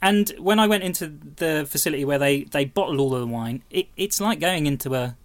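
A man's voice: a little high, expressive, fairly quick, dry recording. A man telling a chatty, enthusiastic story about a trip in a casual studio chat. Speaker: podcast contributor.

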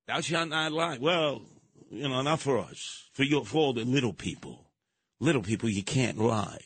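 On a call-in radio show, a male host rambles sarcastically with combative asides in a monologue. His medium-pitched voice is expressive and slightly rough at a moderate pace, captured on a dry studio mic.

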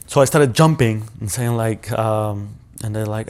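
A man's voice: on the low side, measured pace, a little mellow. A male journalist recounting a personal ordeal in an interview, talking casually with lots of fillers and swearing.

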